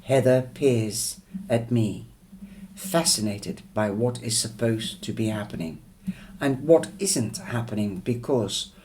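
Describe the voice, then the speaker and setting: A man's voice: mid-range voice, a little mellow. A man reading a novel chapter aloud, with small slips and restarts. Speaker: audiobook reader.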